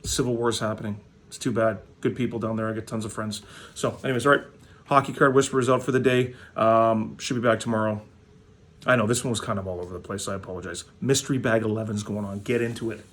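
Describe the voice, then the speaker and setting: A man's voice: lowish voice, steady tone, fast, a bit bright. Blunt, swearing Canadian man ranting. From Manitoba, Canada. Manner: blunt, profane, rambling, with frequent fillers. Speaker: hockey card vlogger. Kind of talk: casual profane rant.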